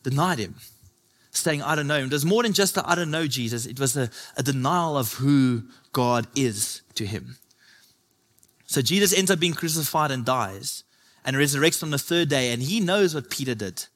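A man's voice: medium pitch, expressive, moderate pace, a bit bright. A man preaching a sermon to his church, building his points through impassioned repetition.

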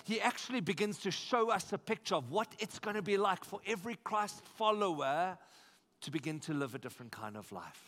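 A South African man preaching a sermon as pastor, emphatic and energetic, repeating phrases and asking the congregation questions. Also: sits high, a little fast. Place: church.

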